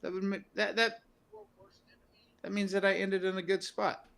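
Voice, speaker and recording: Male podcast co-host, playful and emphatic, slightly high pitch. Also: little pitch movement, normal speed, vocal fry, pushed and bright. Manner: joking, emphatic. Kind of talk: casual podcast chat.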